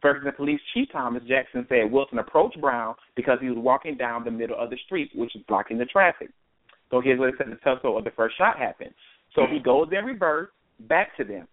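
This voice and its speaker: A man's voice: mid-range voice, expressive, fairly quick, no room sound. A man hosting an online call reads a report aloud, his mid-range voice broken by fillers and false starts. The sound is thin and phone-like, with no room around it. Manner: hesitant, with frequent fillers and restarts. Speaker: host. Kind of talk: reading a news account aloud and commenting. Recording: dry phone-line call audio.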